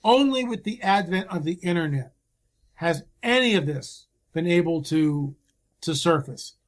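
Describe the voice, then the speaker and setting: A man's voice: on the high side, lively intonation, unhurried. A man speaking as a guest field researcher in a casual conversation, talking in an emphatic, impassioned way.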